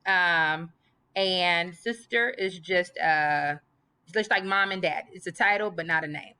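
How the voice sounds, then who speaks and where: A woman's voice: lowish voice, takes it slowly, pushed and bright, smooth. A woman teaching a grammar lesson, emphatic and reading example sentences aloud. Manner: emphatic, repeats list items aloud.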